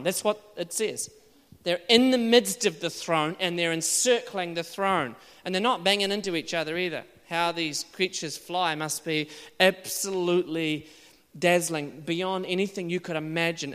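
A man preaching a sermon, animated and rising to shouted exclamations. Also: sits high, clean tone, in a large hall.

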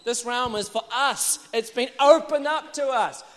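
A man preaching a sermon, animated and rising to shouted exclamations. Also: very high voice, measured pace, long reverb tail.

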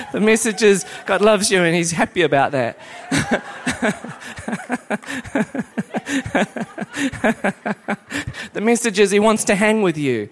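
A man preaching a lively sermon, playful and exclamatory, often breaking into laughter. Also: high voice, slight background noise.

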